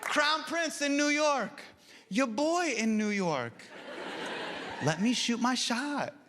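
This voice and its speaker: A man's voice: extremely high pitch, expressive, slow pace. A male stand-up comedian telling a story animatedly and slipping into playful mock voices. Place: comedy stage with a live audience. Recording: loud crowd, noisy stage mic.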